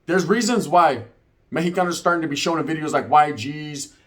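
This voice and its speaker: Man in his 40s, a bit high voice, swears a lot, tells it like a homie, keeps saying right. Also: a little fast, fairly bright tone. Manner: profane, streetwise, keeps tagging "right?". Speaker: reaction video host. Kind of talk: casual storytelling and commentary.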